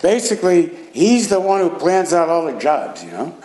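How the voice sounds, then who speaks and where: A man's voice: sing-song, moderate pace, warm tone, low-quality recording. A man teaching a Talmud class, translating Aramaic phrases as he goes and acting out the characters in the story. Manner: translates Aramaic line by line, acts out characters with jumps in pitch.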